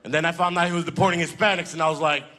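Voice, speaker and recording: A man's voice: fairly high pitch, steady tone, racing, noisy background. A man doing a stand-up comedy set, playfully teasing the audience. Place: comedy club stage with a live audience. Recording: crowd laughter in the room.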